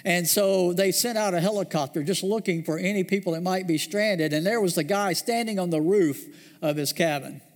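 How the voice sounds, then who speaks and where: Male pastor, higher-pitched voice, storytelling sermon with slow emphatic drops; reverberant sanctuary.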